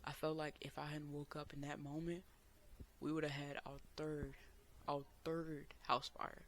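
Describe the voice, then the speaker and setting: A young man earnestly telling a personal story as a vlogger, sometimes bursting out loud. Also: fairly high pitch, little pitch movement, measured pace, slight background noise. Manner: earnest, emotional retelling with loud outbursts.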